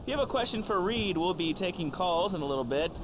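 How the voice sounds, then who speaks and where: A man's voice: high-pitched, lively intonation, quick pace. An actor playing a wry male talk radio host who teases his guest in a dry way. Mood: teasing. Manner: dry, teasing. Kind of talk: comedic radio talk show acting. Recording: game radio audio under road noise.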